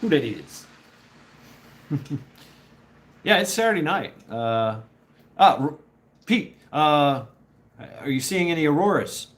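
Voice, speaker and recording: A man's voice: a little high, expressive, takes it slowly, long pauses, fairly bright tone. A man telling a rambling, profane story in casual chat with his viewers, often laughing. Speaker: livestreamer chatting with viewers.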